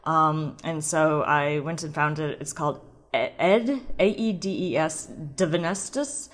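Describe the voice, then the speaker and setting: Chatty woman podcast host, lowish voice. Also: a little slow. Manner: chatty, tangent-prone, playful, giggly. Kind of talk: casual solo podcast chat.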